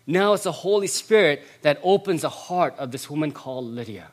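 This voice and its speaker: A male pastor preaching a sermon, stressing points by repeating phrases and swinging between loud passages and hushed ones. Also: a little high, lively intonation, fairly quick.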